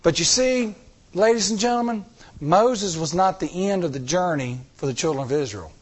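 A man's voice: high voice, animated, moderate pace, breathy edge. A middle-aged man preaching a sermon, telling stories with acted-out dialogue and repeating phrases for emphasis. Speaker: church elder preaching.

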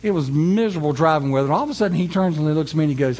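Man, high-pitched voice, preacher, sermon, emphatic scripture reading, folksy storytelling. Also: expressive, rapid-fire, few pauses, a little mellow, lo-fi sound.

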